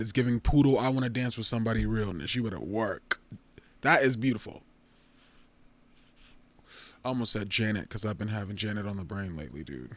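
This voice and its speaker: A man hosting a fashion review show, talking in a sassy, swearing, animated way with sudden jumps up in pitch. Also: no echo. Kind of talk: casual commentary.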